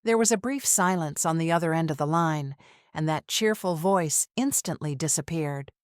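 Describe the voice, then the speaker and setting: A woman narrating a dramatic family story in an even, measured reading style. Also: deep voice, dry recording, studio quality. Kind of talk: scripted narration.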